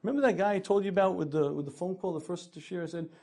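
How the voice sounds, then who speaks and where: Animated high-voiced male lecturer. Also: racing. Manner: animated, acts out characters, frequent throat clearing. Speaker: religious teacher giving a lecture on marriage. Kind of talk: storytelling lecture.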